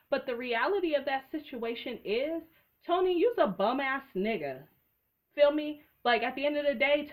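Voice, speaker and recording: A young woman giving a casual, blunt and profane commentary, full of sassy asides. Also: fairly high pitch. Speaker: reality TV commentator.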